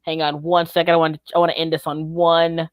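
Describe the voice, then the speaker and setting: A man hosting a casual stream chat, relaxed and full of stammering restarts. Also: fairly high pitch, a little fast, smooth, dry recording, studio quality. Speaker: stream host.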